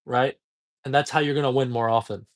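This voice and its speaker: A man in his thirties, a dating coach, answering chat questions on a live stream in a casual, profane, high-energy way. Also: steady tone, brisk. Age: 30s.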